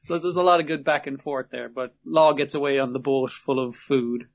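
A man's voice: medium pitch, steady tone, moderate pace. A man casually and animatedly recapping an episode on a podcast, swearing and laughing often. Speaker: podcast co-host. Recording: muffled lo-fi audio.

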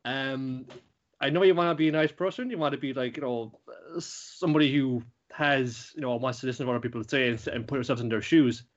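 A man's voice: medium pitch, fairly quick. A young man hosting a podcast, rambling casually through an anime recap with lots of swearing and fillers. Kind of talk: casual chat. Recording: dull lo-fi recording.

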